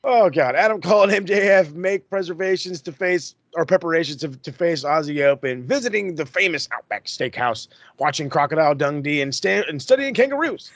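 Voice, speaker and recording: A man hosting a podcast, recapping in a casual, excitable, profane way that rambles. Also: fairly high pitch, fairly quick, hardly any pauses, no room sound. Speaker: podcast host.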